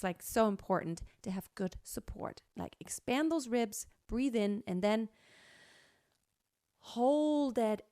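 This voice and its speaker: A woman singing teacher explaining a song in a relaxed, chatty way, full of fillers and restarts. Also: mid-range voice, smooth, no echo, clean studio sound. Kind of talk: vocal lesson with sung demonstrations.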